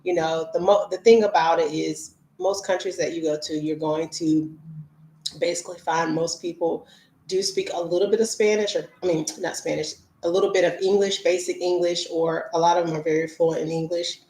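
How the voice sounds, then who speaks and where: A woman's voice: fairly low pitch, fairly even intonation, normal speed, a little mellow, slight background noise. A woman travel vlogger from the United States telling her viewers candid stories in a chatty, casual way with lots of fillers. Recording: roomy echo.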